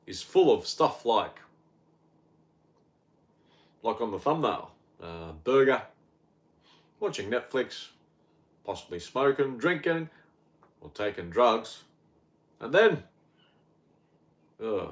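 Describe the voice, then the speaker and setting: A man's voice: fairly low pitch, lively intonation, unhurried, long pauses. Blunt, rambling Australian man. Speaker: health podcaster. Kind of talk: casual rambling monologue.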